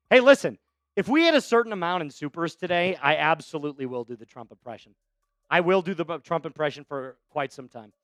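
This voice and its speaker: A man's voice: on the high side, no echo. Male stream host, upbeat and chatty, thanking donors; dry close sound. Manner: hyped, shouting out chat donors. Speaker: livestream host. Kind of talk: live sports play-by-play stream.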